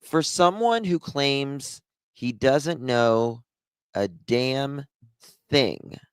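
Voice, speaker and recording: A man hosting a livestream, giving sarcastic, drawn-out commentary on a news clip. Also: medium pitch, lively intonation, clear, resonant tone, dry recording, clean studio sound. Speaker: livestream host.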